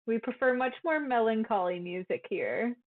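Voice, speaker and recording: A woman voicing a sly, sharp-eyed young sister with a coy, fussy way of talking, heard over a tinny call line. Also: fairly high pitch, animated, normal speed, close to an everyday voice. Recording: tinny phone-like call audio.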